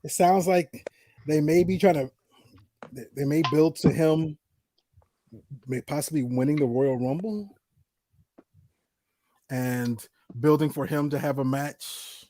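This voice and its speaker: Joking podcast host, higher man's voice. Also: takes it slowly, pauses often, dark tone. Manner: joking, laughs often, runs giveaway announcements. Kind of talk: casual chat.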